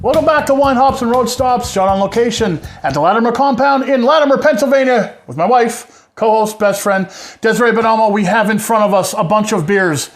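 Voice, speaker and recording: A man's voice: very high voice, fairly quick, hardly any pauses, faint music behind. A middle-aged man hosting a casual beer review at home, chatty and joking with rambling asides. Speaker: show host.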